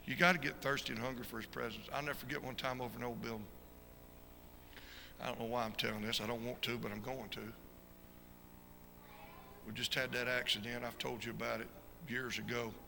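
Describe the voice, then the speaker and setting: A man preaching a fervent sermon as an evangelist, swinging from shouted peaks to quiet storytelling. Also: medium pitch, level tone, brisk, gravelly, long pauses. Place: church sanctuary. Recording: reverberant church hall with faint noise.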